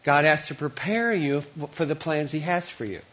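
A man's voice: a little high, expressive, normal speed. A male pastor preaching a sermon, telling a story animatedly with lots of repetition, on a dull, lo-fi recording.

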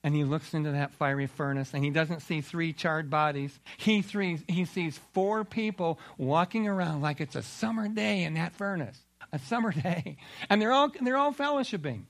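A man preaching a sermon, retelling Bible stories in an animated way. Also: fairly high pitch, moderate pace. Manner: animated storytelling with acted-out quotes.

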